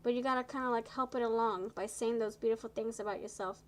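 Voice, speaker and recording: Tired lady doing a live tarot stream, kinda high voice, chatty and encouraging, trips over words, faint hiss behind. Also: fairly even intonation, fast, rough recording. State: tired, low energy. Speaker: tarot reader.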